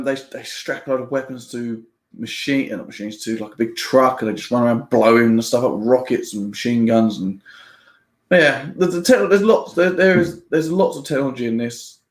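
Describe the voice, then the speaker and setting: A man giving a casual spoiler review of a book, chatty and rambling, laughing often and restarting his sentences. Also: medium pitch. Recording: roomy echo.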